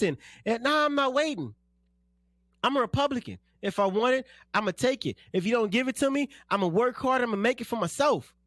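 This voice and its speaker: A man's voice: very high-pitched, expressive, fairly quick, a bit bright, no echo, studio quality. A man from South Central Los Angeles giving a blunt, slangy, fired-up radio monologue as host and political candidate.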